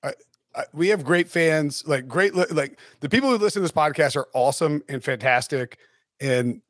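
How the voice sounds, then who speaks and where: A man hosts a casual sports podcast, joking with quick asides. His voice sits a little high. The sound is dry and close. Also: fairly bright tone, no echo. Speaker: podcast host.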